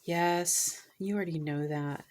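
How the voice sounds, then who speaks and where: Woman doing a tarot reading, kinda low voice, gushy, slips into whispers here and there. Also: fairly even intonation, measured pace. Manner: gushing, drifts into soft whispers. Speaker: tarot reader.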